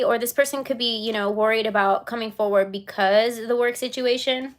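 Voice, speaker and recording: A woman giving a casual live-stream tarot reading, chatty and giggly with lots of fillers. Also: on the high side.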